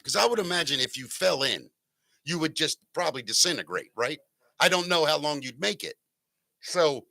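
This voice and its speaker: A man's voice: a little high, gravelly, pushed and bright, no echo. A man hosting a casual talk show, telling a rambling, jokey story and correcting himself as he goes. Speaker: podcast host.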